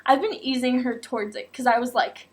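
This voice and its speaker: A young woman with a high voice tells a personal story straight to camera in a loose, chatty vlog style. She talks animatedly and gets carried away, tossing in "like" and "oh my God" constantly. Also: brisk. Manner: animated, acts out quotes, many fillers like "like" and "oh my God". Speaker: vlogger.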